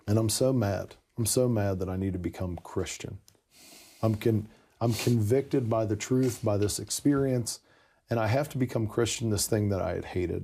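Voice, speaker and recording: Gravelly low-voiced man telling his story. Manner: animated, self-interrupting, many "you know" asides. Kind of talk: casual interview storytelling.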